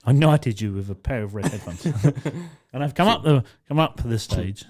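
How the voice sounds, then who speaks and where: A young man, co-hosting a podcast in casual chat. He tells stories in an animated way, laughs often and swears freely. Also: medium pitch, moderate pace. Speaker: podcast co-host.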